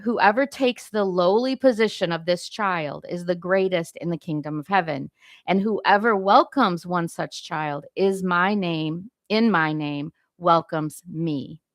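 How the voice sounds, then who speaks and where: A woman's voice: lowish voice, no echo, studio quality. An older woman giving an informal devotional teaching, conversational and often checking in with her listeners. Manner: conversational, self-correcting, asks "right?" often. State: briefly choked up. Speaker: Christian leadership teacher.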